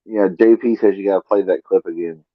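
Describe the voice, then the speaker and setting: A man's voice: sits low, steady tone, brisk, dry recording. A man co-hosting a stream, joking crudely and putting on mock voices. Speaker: stream co-host. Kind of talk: casual stream chat. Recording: dull dry call audio.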